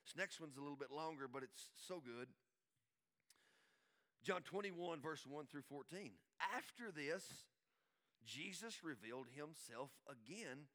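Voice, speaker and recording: Preacher guy, lively storytelling sermon, bright edgy voice, bit high. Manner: animated, emphatic storytelling. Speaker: pastor.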